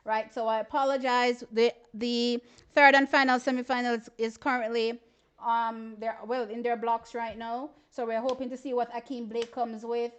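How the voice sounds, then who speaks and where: A woman chats through a casual livestream, reacting to sprint races in an animated, exclamatory way. Her voice sits high. She keeps turning to her viewers as she talks. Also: normal speed, smooth. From Jamaica. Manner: animated, exclamatory, often says "child". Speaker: livestream host. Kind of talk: casual live-stream sports commentary.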